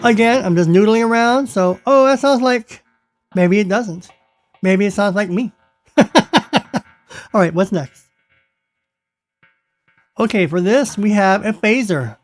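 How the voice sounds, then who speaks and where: A man's voice: sits high, takes it slowly, pauses often. A man talking casually through his guitar effects settings, playful and self-amused, chuckling between remarks. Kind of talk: casual tutorial talk. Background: electric guitar playing.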